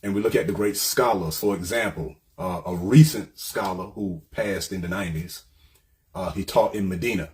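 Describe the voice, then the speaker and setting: A man's voice: low-pitched, moderate pace, a little mellow. A man giving an informal lecture, explaining point by point and often checking in with "right?". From United States. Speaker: commentator.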